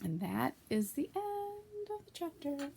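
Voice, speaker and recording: A woman reading a children's book aloud in a gentle, unhurried storytelling manner. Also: sits high, very animated, vocal fry, slight background noise. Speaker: storybook reader.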